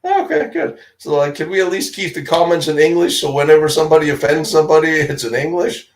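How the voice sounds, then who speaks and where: A man's voice: a little high, expressive, fast, rough recording. A middle-aged man from Denmark, co-hosting a casual live-stream chat, a chatty storyteller who laughs often and acts out the voices of other people.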